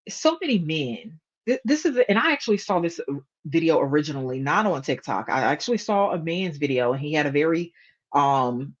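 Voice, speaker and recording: A woman's voice: low voice, lo-fi sound. Sarcastic woman hosting a reaction video. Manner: sarcastic, blunt. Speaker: commentary video host. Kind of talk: casual reaction commentary.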